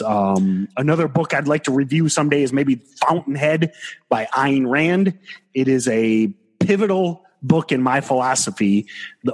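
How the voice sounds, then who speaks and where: A man's voice: medium pitch, husky. A man hosting a podcast, chatting casually about trading with plenty of fillers and restarts. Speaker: podcast host, trader. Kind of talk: casual chat.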